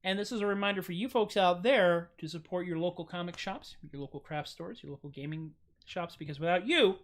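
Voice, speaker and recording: An American man hosting a casual livestream from home, chatty and self-mocking, with goofy jumps up in pitch on his jokes. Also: fairly quick. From United States. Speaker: streaming musician host.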